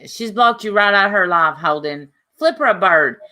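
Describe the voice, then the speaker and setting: A woman livestream host chats casually at a moderate pace in a medium-pitched voice. She rambles in a lively way, tossing in plenty of asides.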